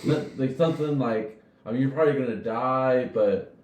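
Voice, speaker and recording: A man's voice: mid-range voice, normal speed, a little mellow. A man co-hosting a casual comedy podcast, rambling with lots of fillers as he talks. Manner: rambling, heavy use of "like". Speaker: podcast co-host. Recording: echoey room.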